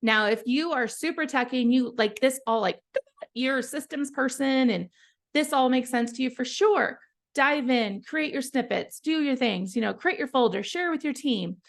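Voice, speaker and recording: A woman founder giving a casual, chatty software walkthrough, encouraging her listeners while often trailing off and restarting her sentences. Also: high voice, moderate pace, gravelly. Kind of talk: casual live software tutorial.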